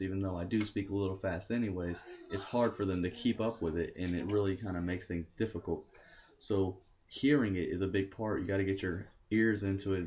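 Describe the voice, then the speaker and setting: A young American man with a low voice rambles casually to camera and keeps correcting himself with lots of fillers. The sound is dull and lo-fi, like a basic home recording. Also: a little mellow, slight background noise. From United States. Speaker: language learning vlogger.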